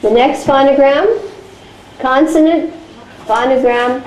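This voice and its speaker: A woman teaching a class, slowly dictating phonics sounds for a test and explaining how each is said. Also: sits high, steady tone, a little mellow, echoey room, a little hiss or hum, rough recording. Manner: slow, deliberate dictation of sounds.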